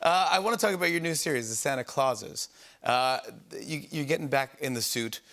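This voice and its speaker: A man hosting a talk show in a TV studio, eager and quick to laugh. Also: medium pitch, fairly bright tone. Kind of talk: casual chat.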